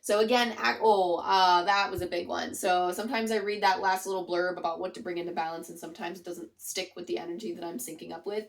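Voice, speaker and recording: A woman's voice: on the low side, steady tone, fast talker, creaky, hardly any pauses. A woman giving a casual spoken tarot reading to her viewers, earnest and chatty, leaning on "like" and "it's almost like". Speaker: tarot reader.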